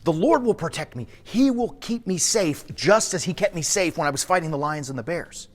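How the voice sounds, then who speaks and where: A man's voice: fairly high pitch, expressive, moderate pace, big-room sound. A man voicing a brave, indignant young shepherd boy with earnest pleading. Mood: determined.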